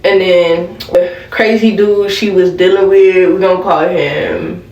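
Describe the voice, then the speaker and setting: A woman's voice: on the low side, steady tone, unhurried, darkish tone, roomy sound, far from the mic, muffled recording. A young woman vlogger chatting casually through a storytime while doing her makeup, laughing and talking to viewers as y'all. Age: young adult.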